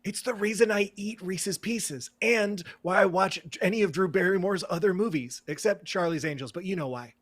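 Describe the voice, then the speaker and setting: A man's voice: sits high, normal speed, few pauses. A man playing a tabletop horror game, talking in character in a nervous, defensive, rambling way. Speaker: player. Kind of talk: in-character tabletop role-play.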